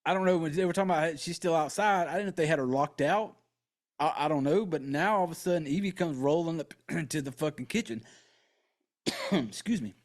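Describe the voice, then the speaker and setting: A man with a somewhat high voice tells a movie's story on his podcast in a loose, casual way. He swears freely and stays excitable, slipping into characters' lines as he goes. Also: fairly quick. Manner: acts out characters' lines in quotes. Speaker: podcast host.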